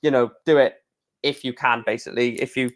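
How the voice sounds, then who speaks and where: A man hosting a casual live stream, talking in an excitable, rambling way with many restarts. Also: medium pitch, a little fast.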